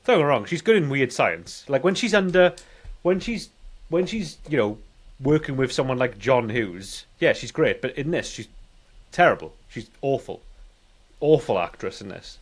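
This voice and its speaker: A man's voice: mid-range voice, sing-song, moderate pace, husky. A man co-hosting a casual movie podcast, speaking bluntly and with strong opinions. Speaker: podcast co-host. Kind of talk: casual movie review chat.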